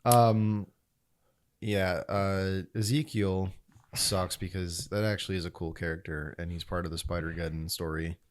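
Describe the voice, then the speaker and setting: A man's voice: deep voice, steady tone, measured pace. A man co-hosting a film podcast, talking casually and opinionatedly, swearing and laughing now and then. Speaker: podcast co-host. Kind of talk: casual chat.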